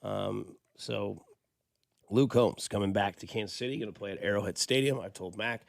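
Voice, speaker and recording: A man hosting a sports talk radio show, chatting casually and getting animated as he argues a point. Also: on the low side, moderate pace, gravelly, no echo, clean studio sound. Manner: conversational, animated when imitating a yelling dad. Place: radio studio. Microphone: studio microphone.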